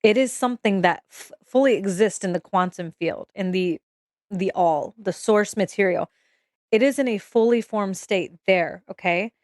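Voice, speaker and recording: A woman's voice: medium pitch, moderate pace, dry recording, clean studio sound. A young woman giving a casual, emotional tarot reading to camera, swearing freely and checking in with "okay?" as she goes. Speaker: tarot reader.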